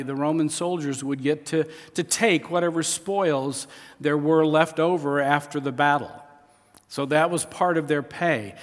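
A middle-aged man preaching a sermon as pastor, conversational, often restarting his phrases. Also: on the high side. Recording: long reverb of a large hall.

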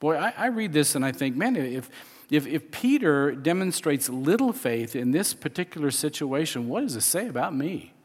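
A man's voice: on the high side, big pitch swings, moderate pace, husky, big-room sound. A man preaching a sermon in a conversational way, often restarting and chuckling as he explains scripture. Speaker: pastor.

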